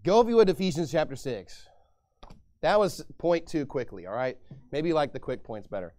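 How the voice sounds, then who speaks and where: A man's voice: a little high, expressive, a little fast, darkish tone. A man pastor preaching a sermon in an emphatic, repetitive style.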